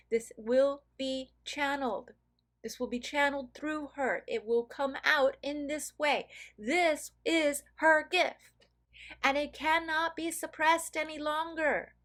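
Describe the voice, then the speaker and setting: A woman channeling a council of star beings, slow and emphatic. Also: sits high, fairly bright tone. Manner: slow, emphatic, repeats key phrases. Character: collective of benevolent star beings, urgent, encouraging. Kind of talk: channeled message.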